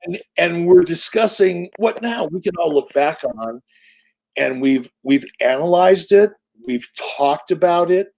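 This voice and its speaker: A man's voice: high voice, a little slow, creaky. A man in his sixties, an interview guest telling stories in a casual, punchy, profane way. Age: 60s. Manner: animated, profane, punchy storyteller. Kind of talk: casual storytelling.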